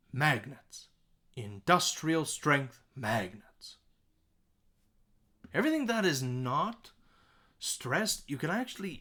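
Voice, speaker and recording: A man teaching a songwriting lesson, explaining stressed syllables in an animated way and speaking example lines with strong emphasis. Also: medium pitch. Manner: restarts and self-corrections while explaining. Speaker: music teacher.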